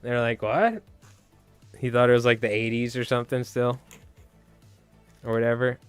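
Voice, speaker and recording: A man's voice: mid-range voice, monotone, brisk, clean tone, soft background music. A man hosting a casual fly-tying livestream, rambling and joking with some swearing.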